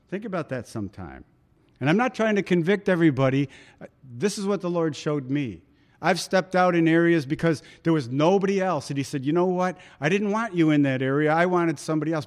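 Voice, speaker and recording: A man's voice: a little high, expressive, moderate pace. Conversational man preaching a sermon. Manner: conversational, dramatic quoting of voices.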